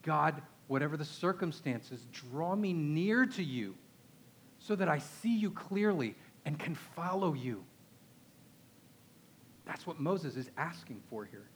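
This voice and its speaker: A man's voice: on the high side, very animated, takes it slowly, a little hiss or hum. A man with a Texan accent preaching a conversational sermon, emphatic and often asking his listeners rhetorical questions. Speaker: pastor.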